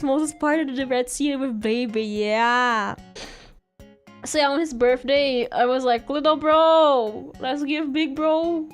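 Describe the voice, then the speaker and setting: Giggly high-voiced woman streamer. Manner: giggly, rambling storytelling with acted-out quotes. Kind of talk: casual chat while drawing.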